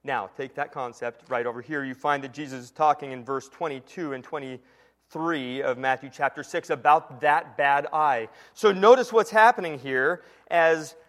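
With a fairly high voice, a man preaches a sermon in an earnest teaching tone. He slows down and goes quiet to stress key lines.

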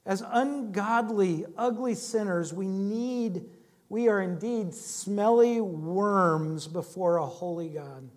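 High-voiced male pastor preaching. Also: slow pace. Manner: conversational storytelling, dynamic swings in loudness. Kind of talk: sermon.

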